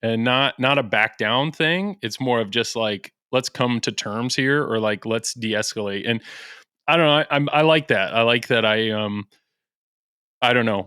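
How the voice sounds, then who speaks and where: Soft-spoken Midwestern man, rambling. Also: lowish voice, clean tone, no room sound, clean studio sound. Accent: Midwestern American. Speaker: podcast guest. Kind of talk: casual chat.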